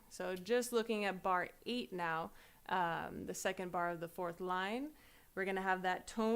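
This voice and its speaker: A woman teaching a pandeiro lesson in a relaxed, encouraging way, speaking drum syllables and counting in. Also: on the low side, normal speed. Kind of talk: instructional music lesson. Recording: loud hand-drum music in background. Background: pandeiro playing.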